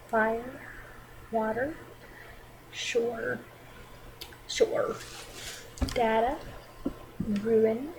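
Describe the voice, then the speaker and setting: A woman's voice: on the high side, darkish tone, a little hiss or hum, rough recording. A young woman with a Georgia Southern accent, reading out a word list with hesitant, chatty asides between words. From Athens, Georgia, US. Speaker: vlogger.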